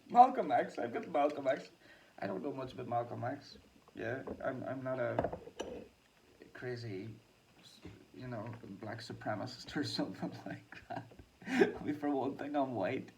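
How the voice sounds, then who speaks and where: A man rambling casually through a vlog, self-deprecating and quick to laugh. His mid-range voice has a gravelly edge. He sits back from the microphone, with a faint hum of background noise. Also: mid-range voice, animated, a little mellow, far from the mic, low-quality recording. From Ireland. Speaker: musician and vlog host.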